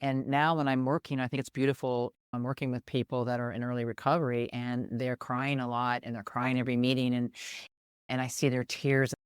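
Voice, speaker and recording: Woman co-host, heartfelt expressive storyteller, smooth resonant voice. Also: very deep voice, brisk, no echo, clean studio sound. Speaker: podcast co-host. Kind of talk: casual podcast chat.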